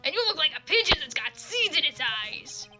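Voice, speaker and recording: A woman's voice: sits high, very animated, moderate pace, pushed and bright, soft background music, full character voice. A woman voicing a grumpy old man with a scornful, barking way of talking.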